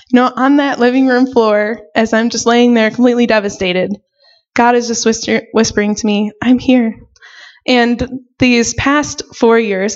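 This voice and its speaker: A young woman, a missionary, giving a personal faith testimony in an earnest, emotional way with many casual fillers. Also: fairly high pitch. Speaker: missionary sharing her testimony. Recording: dull lo-fi recording.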